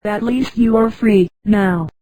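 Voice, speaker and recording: Earnest young guy in love, tts woman voice, mellow, dry. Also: medium pitch, slow pace, no echo, natural voice, poor audio. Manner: flat synthetic delivery.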